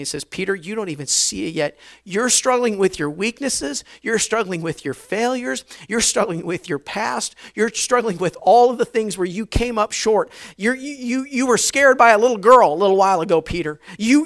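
A male pastor preaching a sermon, retelling a scene dramatically and switching between quiet, intimate passages and loud, urgent ones. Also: high voice, lively intonation, normal speed. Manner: dramatic, acts out voices of biblical figures, swings from soft to loud.

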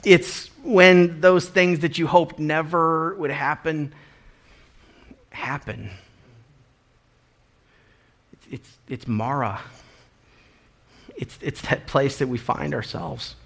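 A man's voice: fairly high pitch, fairly even intonation, takes it slowly, creaky, long pauses, fairly bright tone. A man preaching a sermon, earnest, stumbling into repeated restarts and building emphasis as he speaks. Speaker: pastor.

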